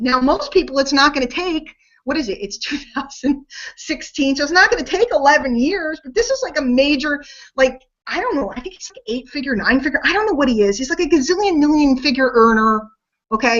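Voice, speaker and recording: Chatty high-voiced woman hosting a webinar. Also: expressive, a little fast, a bit bright, muffled recording. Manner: chatty, rambling and self-deprecating. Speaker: webinar host. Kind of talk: casual sales webinar talk.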